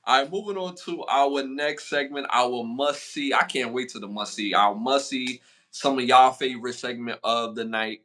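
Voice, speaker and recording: A man with a bright, forceful voice co-hosting a casual podcast. He talks in loose slang and his pitch jumps up sharply when he gets hyped. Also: moderate pace. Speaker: podcast co-host. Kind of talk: casual chat.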